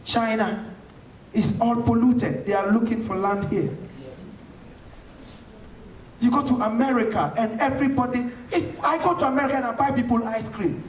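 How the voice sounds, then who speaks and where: This very high-pitched man from Ghana talks a little fast as he answers questions from a hall audience. His manner is fiery and rhetorical, like preaching, and the recording comes from far off in an echoey hall.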